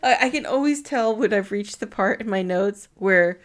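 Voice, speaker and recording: A woman's voice: mid-range voice, normal speed. A woman co-hosting a podcast, giggling often as she reads a film recap from her notes. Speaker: podcast co-host. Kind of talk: casual chat recapping a film.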